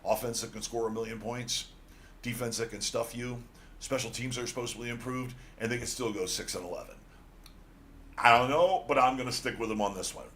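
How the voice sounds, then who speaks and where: A man's voice: mid-range voice, a little fast, fairly bright tone, slight background noise. A man co-hosting a sports radio show, blunt and teasing as he argues over football picks. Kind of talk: casual sports betting talk.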